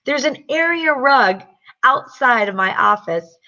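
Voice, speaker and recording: A woman's voice: high voice, measured pace, lo-fi sound. A middle-aged woman telling a personal story and giving a motivational sales pep talk, acting out what people said. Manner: animated storyteller, acts out quotes.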